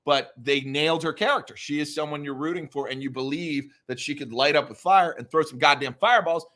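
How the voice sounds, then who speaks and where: A man co-hosting a casual chat, ranting excitedly and swearing in mock fury. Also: a little high, a little fast. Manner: animated, ranting, profane, mock-furious. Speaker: podcast co-host.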